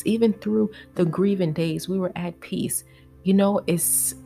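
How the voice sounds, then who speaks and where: Low gravelly woman telling family memories. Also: darkish tone. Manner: reflective, emotional, heavy on "you know" and "uh". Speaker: podcast host. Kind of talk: personal storytelling podcast.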